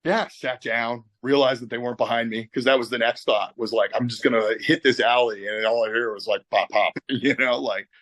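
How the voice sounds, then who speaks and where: A man's voice: medium pitch, a little fast, few pauses, no echo. A middle-aged Canadian man telling a wild story in an interview over a video call. He swears often and acts out what people said. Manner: animated storyteller, swears a lot, acts out quotes. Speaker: tattoo artist guest.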